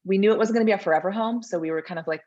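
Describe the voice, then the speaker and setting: A woman's voice: medium pitch, racing, a little mellow, muffled recording. A woman in her thirties chatting easily as a podcast guest, laughing often and poking fun at herself. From American South. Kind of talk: casual interview chat.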